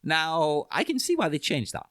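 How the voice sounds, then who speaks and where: A man co-hosting a podcast, talking enthusiastically about a film. His pitch swings widely as he speaks. The sound is dry and close, with no room around it. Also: sing-song, moderate pace, a bit bright, dry recording. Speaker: podcast co-host. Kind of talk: casual film commentary chat.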